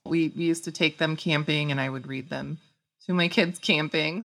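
Middle-aged woman storytelling, low gravelly voice, gets animated doing quotes. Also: normal speed. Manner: animated, acts out quoted speech. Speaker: guest author. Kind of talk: conversational storytelling.

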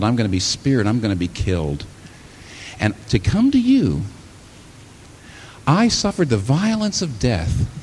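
A man's voice: medium pitch, a little hiss or hum. A man preaching a sermon, who acts out imagined listeners and speaks as Jesus, building to exclamations.

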